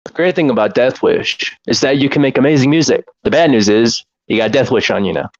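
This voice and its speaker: A young man co-hosting a casual podcast, joking around with deadpan, rambling humor. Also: mid-range voice, brisk, dry recording, dull audio. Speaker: podcast co-host. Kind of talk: casual chat.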